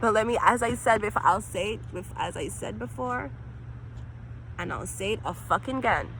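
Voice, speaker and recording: A woman with a Jamaican accent doing a profane tarot reading vlog outdoors, swinging between angry rants and low muttering. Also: normal speed, a bit bright, slight background noise. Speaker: tarot reader.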